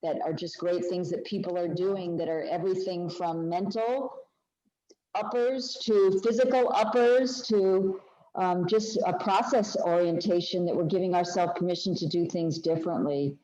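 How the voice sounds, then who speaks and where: An older woman co-presents an online workshop over a video call, her voice on the low side and warm, at a moderate pace, with the high frequencies cut off. She talks reflectively and conversationally to her online audience.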